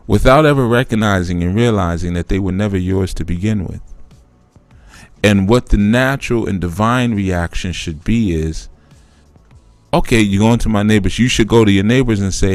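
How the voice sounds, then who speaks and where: A man's voice: lowish voice, a little fast, a little mellow, no echo, soft background music. A man hosting a live spiritual teaching talk, explaining through a conversational parable that he acts out.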